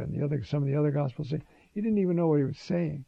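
A man lectures on scripture at an unhurried pace, dropping in "uh" and "you see" as he goes. His voice is on the higher side, with a gravelly, husky texture. The recording is dull and lo-fi, with a dry sound. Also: dry recording. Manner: conversational, frequent "uh" and "you see". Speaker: Bible teacher.

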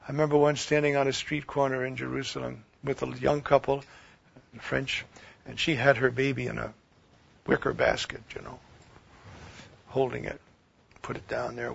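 A man preaching a sermon, swinging from loud declaiming to hushed near-whispers. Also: mid-range voice, vocal fry, husky. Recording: dull lo-fi recording.

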